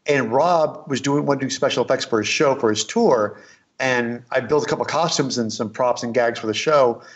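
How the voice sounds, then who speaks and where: A man's voice: medium pitch, moderate pace, highs cut off. A middle-aged man telling a long anecdote in a casual interview, rambling with restarts and quoted dialogue. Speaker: guest, costume and prop maker.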